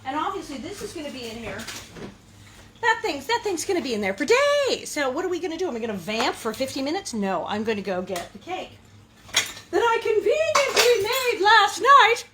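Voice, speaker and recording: A woman's voice: high-pitched, sing-song, fairly quick, background noise. A woman hosting a casual cooking demonstration in a kitchen, chatty and playful, breaking into sing-song asides. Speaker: cooking show host.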